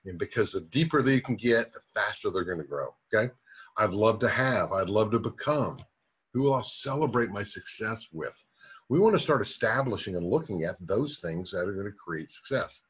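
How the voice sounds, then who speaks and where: A man with a husky, slightly rough voice delivers a motivational training talk in a direct, coaching manner. He keeps checking in with his listeners as he goes. The recording sounds dull and lo-fi. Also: on the low side, animated, a little fast. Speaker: business trainer.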